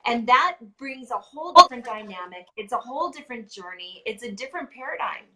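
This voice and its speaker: A woman's voice: fairly high pitch, animated, brisk, a crowd in the background, rough recording. A woman talking as a podcast guest, telling stories in an earnest, emphatic way. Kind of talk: casual heartfelt conversation.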